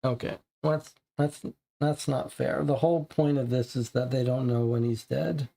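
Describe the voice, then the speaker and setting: This co-op game player has a gravelly, dark, mid-range voice, keeping his intonation fairly even at a normal speed. In casual live-play chat he works through a mystery game's clues, puzzled and frustrated.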